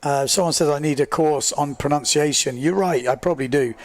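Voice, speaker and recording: A man commentating a live race stream, excitable and chatty, joking at his own expense as he reads viewer comments. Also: a little high, brisk. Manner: excitable, chatty, self-deprecating, rambling with fillers. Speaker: livestream sports commentator.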